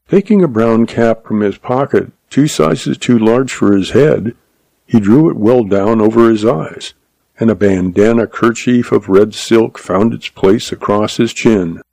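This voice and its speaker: A man reading a western story aloud as narrator in steady storytelling. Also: fairly low pitch, creaky, dry recording. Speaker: audiobook narrator. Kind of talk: scripted narration.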